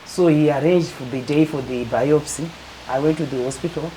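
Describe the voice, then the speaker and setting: A middle-aged woman calmly telling her personal story as an interview guest. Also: sits low, normal speed, slight background noise, poor audio. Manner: calm, matter-of-fact, acts out quoted dialogue.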